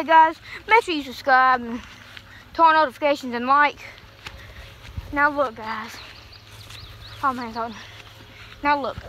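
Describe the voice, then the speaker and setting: Out of breath as she picks corn, a young woman chats and rambles to her viewers in a casual vlog, her high-pitched voice bright and forceful. She holds her phone in one hand in the cornfield, and the outdoor recording is noisy.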